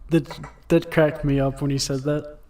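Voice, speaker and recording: A man's voice: on the high side, flat delivery, moderate pace, a little mellow, far from the mic. A man co-hosting a casual podcast, laughing and acting out character lines in goofy voices. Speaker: podcast co-host. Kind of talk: casual chat.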